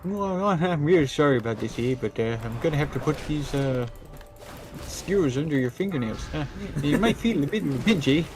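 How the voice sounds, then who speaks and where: A man's voice: on the high side, animated, moderate pace, music in the background, natural voice. A man voicing an overly polite male Canadian torturer in a put-on Canadian accent, cheerfully apologetic. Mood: gleefully apologetic.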